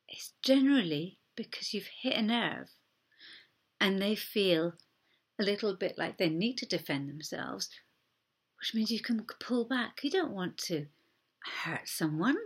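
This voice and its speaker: A woman pastor delivers a sermon in an earnest, conversational manner. Her voice carries a slight huskiness and sits at a middle pitch. She slips into brief acted-out quotes as she makes her points. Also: slightly rough. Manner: conversational, earnest, acts out short quoted exchanges.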